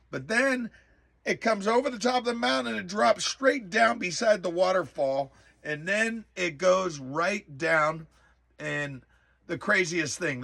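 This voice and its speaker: A man telling a personal story in a casual, animated way, exclaiming often and filling pauses with "uh" and "um". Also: on the high side, gravelly. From rural area. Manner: animated, exclaims in bursts, many fillers. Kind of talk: casual spoken recollection.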